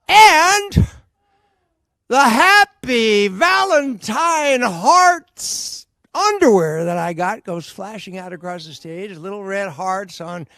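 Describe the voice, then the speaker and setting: A man in his sixties tells a personal story from a theater stage in a fairly high voice. He acts out every exchange and bursts into shouts. The sound is dry and close. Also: no room sound. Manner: animated, acts out dialogue with shouts.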